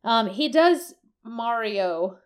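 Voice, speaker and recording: A woman's voice: fairly high pitch, expressive, very slow, smooth. Rambling, chatty woman. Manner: rambling, searches for words, swears casually. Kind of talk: casual chat about a video game.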